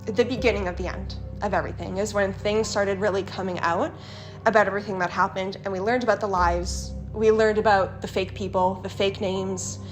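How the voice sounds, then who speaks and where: A woman's voice: mid-range voice, fairly even intonation, fairly quick, faint music behind. A young woman, telling a personal family story as an interview guest in a candid, emotional way with some swearing. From Canada.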